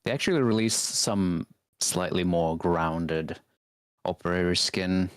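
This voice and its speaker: A man's voice: low voice, measured pace, clear, resonant tone, no room sound, clean studio sound. A man chatting offhand as a guest on a stream, swearing casually. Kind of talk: casual chat.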